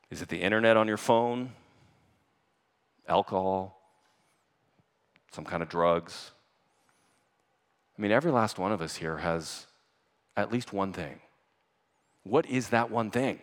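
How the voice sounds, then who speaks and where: A man's voice: sits low, big-room sound. A man preaching a sermon to his church in an earnest voice that rises to urgent emphasis. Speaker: pastor. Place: church sanctuary.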